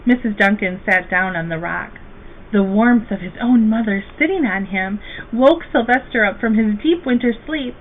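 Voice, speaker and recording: A woman reading a children's storybook aloud as a guest reader, slow, gentle and expressive. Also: fairly high pitch. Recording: tinny phone-like, faint hiss.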